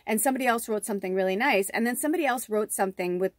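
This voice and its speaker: A woman's voice: mid-range voice, rapid-fire, no echo, clean studio sound. A middle-aged woman from the south suburbs of Chicago, giving a casual spiritual tarot reading, rambling off on tangents and swearing freely. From south suburbs of Chicago, USA. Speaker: tarot reader and medium.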